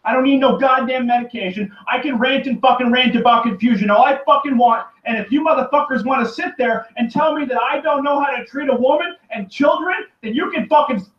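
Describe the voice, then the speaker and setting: A man with a strikingly high voice rants on his own, swearing constantly and circling back over the same points. He keeps breaking into shouts. The sound is dull and lo-fi, picked up from a distance in an echoing room with water running behind him. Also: a little fast, few pauses. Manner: profane, rambling and repetitive, often shouting. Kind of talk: angry solo rant to camera. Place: room by a running turtle tank.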